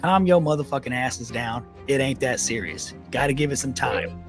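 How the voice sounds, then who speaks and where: A man's voice: medium pitch, normal speed, soft background music. A man co-hosting a comedic veterans podcast, ranting bluntly with a lot of swearing. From United States. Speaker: podcast co-host. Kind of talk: profane comedic rant.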